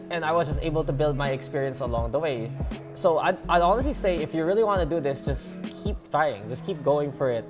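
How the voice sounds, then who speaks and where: Low-voiced Filipino woman, earnest. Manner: earnest, drifts into Taglish with fillers like "eh". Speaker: esports caster, guest. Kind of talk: casual interview chat. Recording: music playing underneath. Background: background music.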